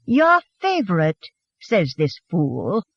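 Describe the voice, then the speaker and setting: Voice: medium pitch, wildly swooping pitch, slow, vocal fry, fairly bright tone, no room sound, lo-fi sound, exaggerated voice. An audiobook narrator voicing a playful young wife who whispers teasing remarks in a put-on Swedish accent.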